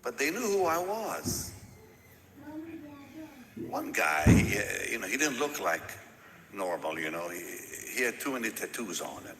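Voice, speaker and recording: Lively, animated preacher man in echoey hall. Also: on the low side, a little slow, long pauses. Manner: animated storytelling, repeats words, laughs. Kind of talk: sermon storytelling. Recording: echoey hall with long reverb.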